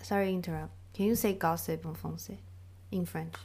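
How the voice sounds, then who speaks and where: Female podcast co-host, lower-pitched voice, light and playful, easy laughter. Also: steady tone, a little fast, a little mellow. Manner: laughs often, playful, casual. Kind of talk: casual chat.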